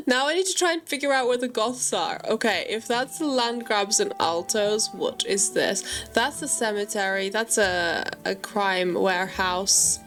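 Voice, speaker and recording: A woman giving chatty, excitable gameplay commentary and talking straight to her viewers. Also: medium pitch, moderate pace, faint music behind. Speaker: gaming channel host.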